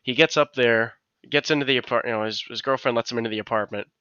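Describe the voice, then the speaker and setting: A man's voice: mid-range voice, fairly even intonation, fast, pushed and bright, clean tone, no room sound, highs cut off. A man co-hosting a podcast, telling a long anecdote in casual chat, rambling with many restarts and acted-out quotes. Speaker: podcast co-host.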